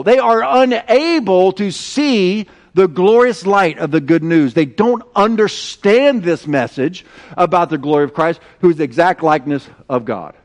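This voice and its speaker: High-voiced man preaching with call-and-response. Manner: animated and conversational, leads call-and-response with the congregation. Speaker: pastor. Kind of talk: sermon. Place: church sanctuary.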